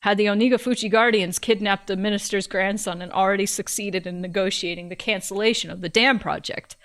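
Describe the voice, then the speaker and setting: A woman's voice: medium pitch, brisk. Woman streamer reading a story aloud. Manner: expressive reading, breaks off for joking comments. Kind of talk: first-person narration with casual asides.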